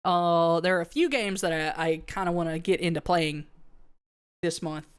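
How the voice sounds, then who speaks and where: A woman's voice: on the low side, normal speed, clean tone. A woman streamer chatting casually to her live audience, rambling with many fillers and restarts and answering viewer comments. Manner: reads viewer comments aloud and answers them.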